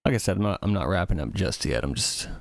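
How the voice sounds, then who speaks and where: A man's voice: low voice, lively intonation, fast, creaky, no echo. A man chatting casually on a music livestream, rambling and thinking aloud with many fillers. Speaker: music streamer.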